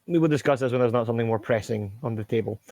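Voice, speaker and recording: A man playing a guarded, formal male adventurer in a tabletop game, asking measured, pointed questions. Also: medium pitch, a little mellow, no room sound, lightly acted. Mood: curt.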